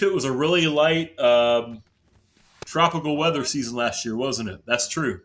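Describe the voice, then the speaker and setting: Playing baseball on a live stream, a man from southern Indiana, USA, chats easily with his audience and makes fun of himself a lot. He speaks at a normal speed in a higher, somewhat bright voice.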